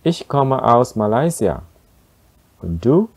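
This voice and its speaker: A man reading the part of a friendly thirty-year-old in a slow textbook dialogue. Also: medium pitch, very animated, breathy edge, pitched above the performer's own voice, exaggerated voice.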